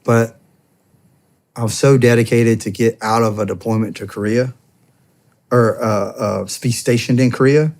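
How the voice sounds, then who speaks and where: A little slow and pausing often, an American man in his thirties speaks in a mid-range, slightly mellow voice with fairly even intonation. Formerly a soldier and a police officer, he is a podcast guest giving a long, rambling interview story dense with "I'm like" and quoted dialogue.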